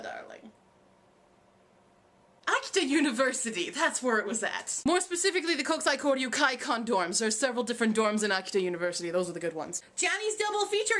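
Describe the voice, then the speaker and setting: Young woman vlogger, fairly high voice, dry sarcastic jokes, quick Q&A. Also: fairly bright tone. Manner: sarcastic, jokey, self-mocking. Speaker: vlogger answering viewer questions. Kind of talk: casual Q&A vlog.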